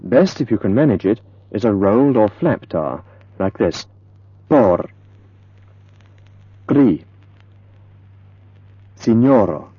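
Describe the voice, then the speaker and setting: A man teaching pronunciation in a scripted lesson, saying example words slowly and carefully for the listener to repeat. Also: lowish voice, very animated, slightly rough, no echo, dull audio. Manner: slow, careful, modeling words for repetition. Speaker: language teacher.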